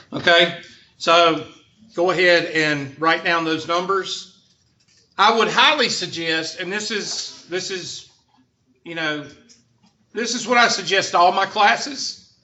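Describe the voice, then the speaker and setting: A man's voice: on the high side, bright, forceful tone. A man teaching a math class, joking and sarcastic as he lectures. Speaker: math instructor. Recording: dull lo-fi classroom recording with faint noise.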